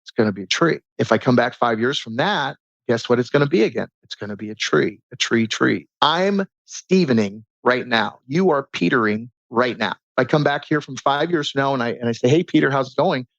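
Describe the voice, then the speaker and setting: A man guest on a podcast, talking in a casual, animated way and teaching through stories and rhetorical questions. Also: mid-range voice, fairly quick, gravelly, few pauses, dry recording. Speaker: podcast guest, transformation coach. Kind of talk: casual conversational interview. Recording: dull lo-fi sound.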